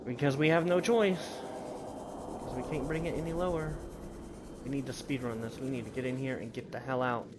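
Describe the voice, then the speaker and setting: A man giving live commentary while streaming a game, panicky and excitable, swearing at what chases him. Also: mid-range voice, a little fast, background noise. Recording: loud game audio under the voice.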